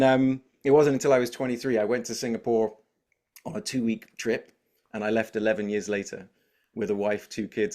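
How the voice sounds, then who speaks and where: A man in his forties with an English accent, a talkative, energetic guest telling stories in a casual interview. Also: fairly low pitch. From England. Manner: energetic, talkative, animated storyteller.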